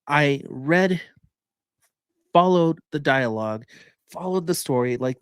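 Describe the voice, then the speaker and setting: A man's voice: a little high, animated, takes it slowly, clear, resonant tone, no echo, studio quality. A man co-hosting a podcast, reviewing a movie in casual, enthusiastic chat full of fillers. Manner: rambling, enthusiastic, many fillers.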